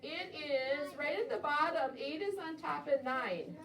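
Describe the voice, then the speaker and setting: Woman, elementary teacher running a phonics lesson, high voice, encouraging, stretches out sounds; echoey room, heard from afar. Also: lively intonation, fairly bright tone. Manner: encouraging, sounds out words slowly. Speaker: second-grade teacher. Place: classroom. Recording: roomy classroom audio from a distance.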